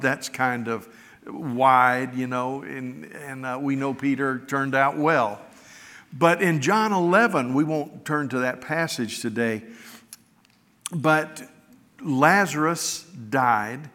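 A man's voice: mid-range voice, takes it slowly, pushed and bright. A middle-aged man preaching a sermon as a pastor, telling stories in a folksy, earnest, conversational way. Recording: long reverb of a large hall.

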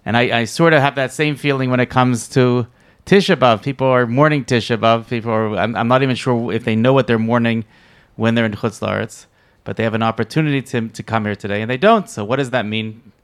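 A man's voice: medium pitch, a little fast, clear, resonant tone, no room sound. A man interviewing a rabbi, thinking aloud in a hesitant, thoughtful way. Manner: thoughtful, hesitant, many restarts. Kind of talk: conversational interview.

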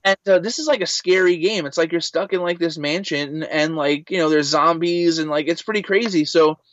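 A man being interviewed, telling stories in an animated, casual way, full of "like" and quick asides. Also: fairly high pitch, dry recording. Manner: animated, lots of filler "like". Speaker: guest, voice actor and writer. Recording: slightly muffled dry recording.

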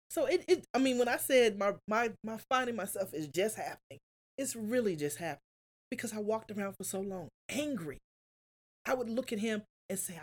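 Woman guest, earnest and near tears, medium pitch, talk show confession. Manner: earnest, confessional, often quotes herself. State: close to tears. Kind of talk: emotional personal story.

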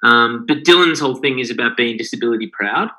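A man in casual podcast chat, his voice very bright and forward. He rambles earnestly, padding his points with "um" and "you know." His pitch sits at an ordinary middle for a man. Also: fast talker, low-quality recording. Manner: rambling, earnest, heavy on fillers. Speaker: podcast co-host.

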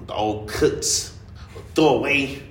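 A young man hosting a casual chat, telling stories with a laugh and slangy talk, jumping into high-pitched quoted voices. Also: takes it slowly, echoey room, a little hiss or hum. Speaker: podcast host.

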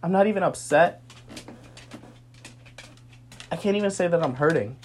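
A man's voice: a little high, animated, moderate pace, slight background noise. A young man speaking a personal monologue, earnest and weary, sometimes heated.

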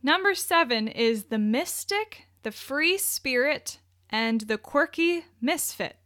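A woman's voice: high voice, animated, slow, sharp tone, dry recording, studio quality. A woman co-hosting a casual podcast chat, reading out descriptions with wry asides and frequent laughs. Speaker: podcast co-host.

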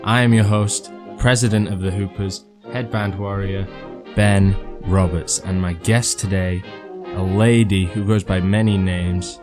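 A man's voice: low voice, little pitch movement, a little slow, over music. A man hosting a casual podcast, joking and rambling as he introduces his guest. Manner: playful, rambling, jokey. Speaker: podcast host.

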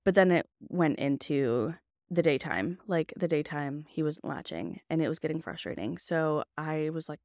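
Young woman, podcast host, casual storytelling, candid and chatty, slightly low voice. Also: moderate pace, darkish tone, no echo, studio quality. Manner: candid, chatty, lots of "like" fillers.

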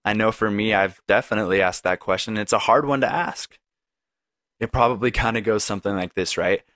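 In a brisk, lowish voice with a bit of brightness, a man hosts a solo podcast, talking earnestly right to the listener. His reflective, conversational style includes frequent "right?" and "like." The recording is dry and studio quality.

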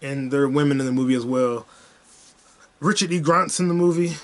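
A young man with a medium-pitched voice talks a little fast on his own podcast. It's a solo comedic monologue, full of loose, profane stories, and he keeps repeating his punchlines.

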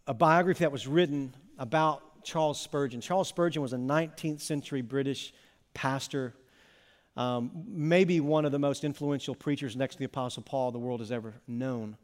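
A man's voice: mid-range voice, normal speed. A man, a pastor, preaching a sermon in an earnest, conversational way with small fillers.

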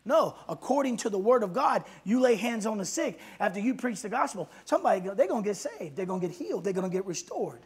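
A man's voice: sits high, very animated, quick pace, hardly any pauses, husky. A man preaching a sermon as pastor, emphatic and calling for responses from the congregation.

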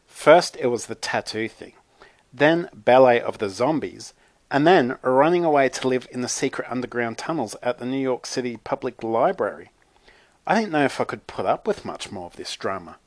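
A man's voice: mid-range voice, no echo. A man narrating a first-person children's storybook in a chatty, wry manner. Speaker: audiobook narrator.

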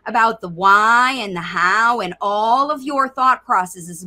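A woman hosts a conversational interview, her voice bright and sharp. She talks energetically, laying out ideas in long, flowing stretches. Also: medium pitch, unhurried, hardly any pauses. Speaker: host.

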